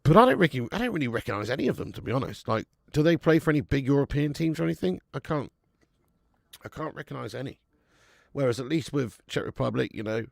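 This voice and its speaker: Gravelly chatty man. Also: mid-range voice, no room sound, studio quality. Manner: chatty, swears, laughs, greets chat viewers. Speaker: watch-along host. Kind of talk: live football watch-along commentary.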